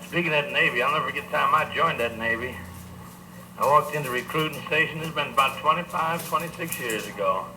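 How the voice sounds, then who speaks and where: A middle-aged male comedian with a slightly high voice, spinning bawdy, folksy yarns and talking straight to the crowd. The live club recording is noisy, with a clear hiss under his voice. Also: fast talker. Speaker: stand-up comedian. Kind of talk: live stand-up joke telling.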